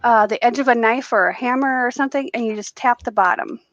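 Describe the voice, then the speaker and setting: A woman hosting a relaxed live stream about art, talking in a chatty way with plenty of fillers. Her voice sits fairly high, and the sound is close and dry. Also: quick pace, no echo, muffled recording. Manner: chatty, with frequent fillers and laughs. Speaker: host of a live acrylic pouring stream. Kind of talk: casual live-stream chat.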